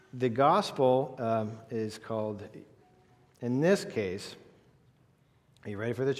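A pastor with a lowish, darkish-toned voice preaches a sermon, emphatic and full of rhetorical questions aimed at the congregation. The recording carries the long reverb of a large hall.

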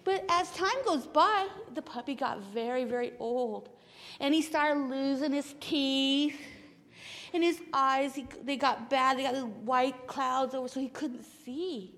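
A woman telling a Bible story to children in church, animated, with hushed whispers. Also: high voice, unhurried. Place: church sanctuary. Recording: long hall reverb of a church.

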